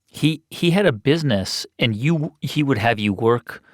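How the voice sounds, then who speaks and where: A man's voice: medium pitch, unhurried, no echo, clean studio sound. A man hosting an interview podcast, reading a polished scripted intro and then asking questions. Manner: animated, polished delivery. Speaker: podcast host.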